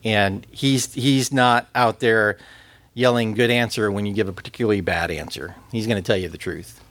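A man's voice: lowish voice, normal speed, fairly bright tone. A man preaching an earnest, conversational sermon and quoting scripture.

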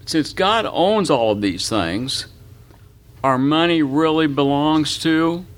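This older pastor's fairly high voice moves slowly with lively intonation as he teaches Bible class. Folksy and chatty, he quizzes those listening and tells anecdotes along the way.

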